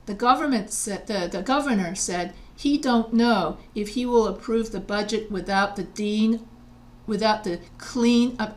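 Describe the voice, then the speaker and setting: A middle-aged woman from New York, a writing teacher giving a video lecture. She reads textbook examples aloud and then explains them in a conversational way. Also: mid-range voice.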